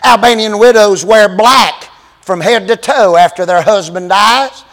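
A man preaching a storytelling sermon, animated and building to shouted exclamations. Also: high-pitched, unhurried. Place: large church sanctuary. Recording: long reverb of a large hall.

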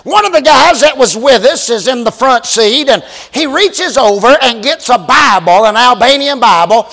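A man preaching a storytelling sermon, animated and building to shouted exclamations. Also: very high-pitched, moderate pace, few pauses. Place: large church sanctuary. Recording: long reverb of a large hall.

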